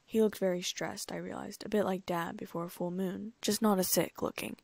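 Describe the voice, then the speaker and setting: A woman narrating a first-person fan fiction audiobook in a lively, amused way, close to the mic. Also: mid-range voice, a little fast, vocal fry, hardly any pauses, no room sound.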